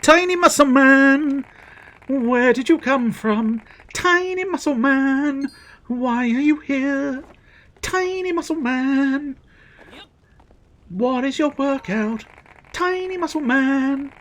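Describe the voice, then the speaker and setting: A man putting on a squeaky, sing-song falsetto voice, repeating a teasing chant. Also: fairly bright tone, full character voice. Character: squeaky silly singsong falsetto voice.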